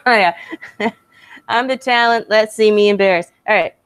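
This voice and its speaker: A woman's voice: medium pitch, measured pace, clean tone, no echo. Chatty, sweary woman on a dry mic. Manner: chatty, sweary, laughs easily. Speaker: podcast co-host. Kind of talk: casual chat.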